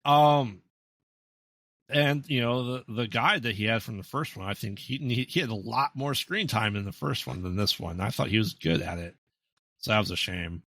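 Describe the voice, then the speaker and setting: A man's voice: on the low side, normal speed, fairly bright tone, no room sound. A man co-hosting a podcast, giving laid-back, hesitant opinions on a film. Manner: laid-back, hesitant with ums and restarts, dry asides. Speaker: podcast co-host. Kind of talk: casual movie review chat.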